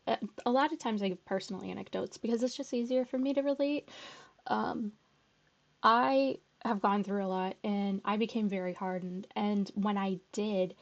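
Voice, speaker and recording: A woman giving blunt, sarcastic reaction commentary, swearing freely. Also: medium pitch. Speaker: commentary YouTuber. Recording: dull muffled audio from headphone capture.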